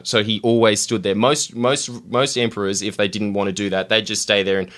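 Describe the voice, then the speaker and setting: A man's voice: on the low side, steady tone, fairly quick, fairly bright tone. A man hosting a casual podcast, telling history with jokey, mock-solemn asides. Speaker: podcast host. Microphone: studio mic.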